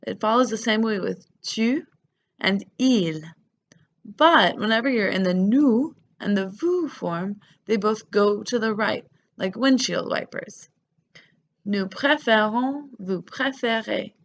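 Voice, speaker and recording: A woman's voice: mid-range voice, animated, takes it slowly, lo-fi sound. A woman teaching French grammar, patiently spelling out verb endings letter by letter. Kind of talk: grammar lesson.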